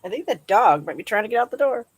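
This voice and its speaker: A woman's voice: on the high side, lively intonation, fast talker, husky, low-quality recording. A woman hosting a live chat outdoors, casually reading viewer comments aloud and laughing often.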